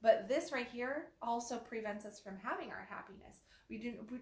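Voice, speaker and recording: Animated woman in an echoey room. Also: a little high, moderate pace. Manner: animated, acts out quoted phrases in changed voices. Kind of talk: casual conversational talk on self-development.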